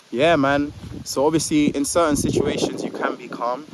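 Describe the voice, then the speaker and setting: A man's voice: fairly high pitch, fairly even intonation, moderate pace. A young man giving casual advice to the camera outdoors in a park. He rambles, fills gaps with "like", and stammers a little. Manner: rambling, filler-heavy, says "like" a lot; a little jittery, stammers on words. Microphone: phone or camera held facing him. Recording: outdoor street noise with passing traffic.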